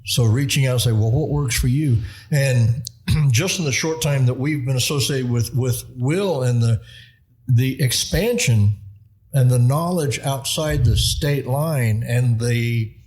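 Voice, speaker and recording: A man's voice: medium pitch, measured pace, darkish tone, poor audio. Rambling man, co-host. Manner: rambling, restarts sentences, clears throat. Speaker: podcast co-host. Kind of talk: casual podcast chat.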